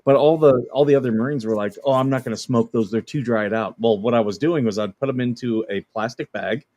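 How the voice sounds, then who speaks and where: A man who served as a Marine, chatting casually with a relaxed, chuckling manner. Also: medium pitch, fairly quick, no room sound. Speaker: former Marine co-host. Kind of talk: casual chat. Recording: dull lo-fi mic.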